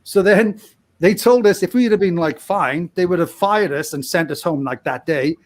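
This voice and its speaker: Higher-pitched man telling a rambling story. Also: moderate pace. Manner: rambling, laughing often mid-sentence, lively quoted voices. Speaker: podcast guest. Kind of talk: casual storytelling.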